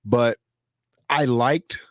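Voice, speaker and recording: A man hosting a casual solo commentary show, talking loosely and jumping into high mocking voices when he quotes others. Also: very slow, dry recording, clean studio sound.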